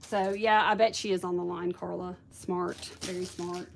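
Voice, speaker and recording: A woman's voice: on the low side, level tone, normal speed, creaky, background noise. A woman hosting a casual craft livestream, chatting with viewers and thinking aloud. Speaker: craft video host.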